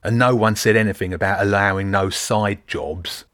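A brutish rat mercenary who sneers at everyone, as a male narrator puts him on. His gruff, menacing voice is pushed louder and a bit higher than the reader's own. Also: normal speed, dry recording, studio quality, natural voice.

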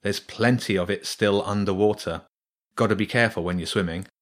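A man's voice: lowish voice, fairly quick, close to an everyday voice. A man voicing a casual adult gallery owner in a storybook, talking offhandedly.

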